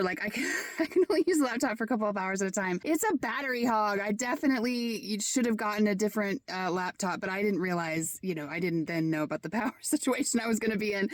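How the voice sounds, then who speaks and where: Woman van-life vlogger, upbeat and fast-talking, outdoors, dry close camera mic. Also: mid-range voice, no room sound. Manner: excitable, fast-talking, laughs often. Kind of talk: casual chatty vlog. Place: outdoors at a campsite.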